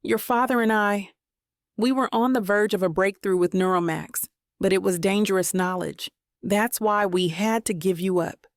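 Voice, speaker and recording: A woman voicing a gentle but firm middle-aged mother in an audiobook, soft and earnest. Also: mid-range voice, moderate pace, dry recording, clean studio sound, close to an everyday voice.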